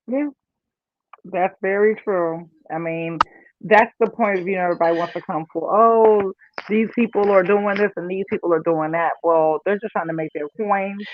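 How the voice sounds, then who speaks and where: A man speaking as a guest on a call in a casual discussion, calm and soft-spoken. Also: high voice, moderate pace. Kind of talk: casual talk show discussion. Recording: tinny phone-like call line with faint noise.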